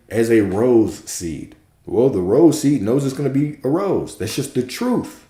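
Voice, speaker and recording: A man's voice: mid-range voice, dark tone, reverberant. A man giving a spiritual teaching talk as a coach, emphatic and preachy, with casual profane asides.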